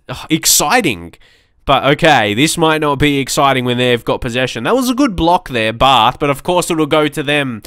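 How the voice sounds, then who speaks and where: A man's voice: fairly high pitch, a bit bright, no echo, studio quality. Chatty man commentating a game. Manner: chatty, rambling, reacts aloud to the match. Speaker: let's play commentator. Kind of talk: casual gameplay commentary.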